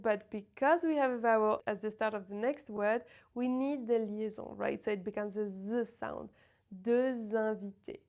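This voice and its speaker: Woman teaching pronunciation slowly. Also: fairly high pitch, darkish tone. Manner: slow, careful demonstration of sounds. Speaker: French teacher. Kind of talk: pronunciation lesson.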